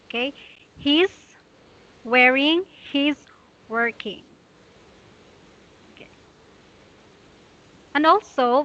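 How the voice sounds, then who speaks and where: A woman's voice: high-pitched, sharp tone, highs cut off. A woman tutoring English, patiently correcting a student's reading with many "okay"s.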